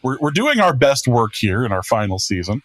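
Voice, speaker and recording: A man's voice: medium pitch, sing-song, normal speed, fairly bright tone, no echo. A man hosting a casual podcast, self-deprecating and rambling with restarts. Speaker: podcast host and producer. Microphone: podcast microphone.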